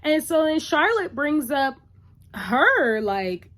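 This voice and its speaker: A woman's voice: high-pitched, big pitch swings, slow pace, fairly bright tone. A woman recapping a TV episode in a casual, chatty, opinionated way, full of "like" and "you know".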